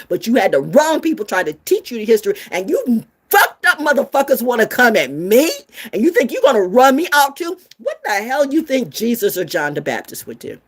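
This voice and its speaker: A woman delivering a fiery, profane, sermon-style rant, preachy and full of rhetorical questions. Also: fairly high pitch. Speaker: spiritual vlogger. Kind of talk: ranting sermon-style monologue.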